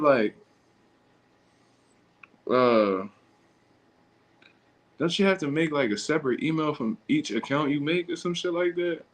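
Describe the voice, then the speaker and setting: Profane, blunt livestreaming man. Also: medium pitch. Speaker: livestream host. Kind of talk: casual livestream chat reacting to comments.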